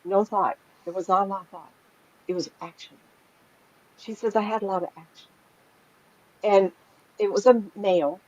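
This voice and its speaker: A middle-aged woman tells stories in a relaxed, chatty way, breaking into laughter as she goes. Her voice sits at an ordinary pitch for a woman. The recording sounds a little dull and lo-fi. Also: normal speed, pauses often. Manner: animated, laughs often while telling stories. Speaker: psychic medium guest. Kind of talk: casual storytelling chat.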